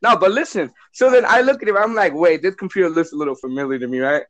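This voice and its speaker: A young man telling a profane, animated story to his friends in casual chat. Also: high voice, quick pace, dry recording.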